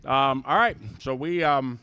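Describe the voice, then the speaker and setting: A man's voice: mid-range voice, measured pace, sharp tone, clean tone, no echo. Male host, casual track-side chat, upbeat, lots of ums, dry sound. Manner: chatty, filler-heavy, upbeat. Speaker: racetrack show host.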